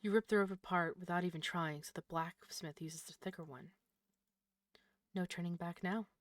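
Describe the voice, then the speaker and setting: A woman streaming a horror game, reading its text aloud in a low voice and breaking into loud, startled swearing. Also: dry recording. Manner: reads narration quietly, then reacts with loud startled swearing.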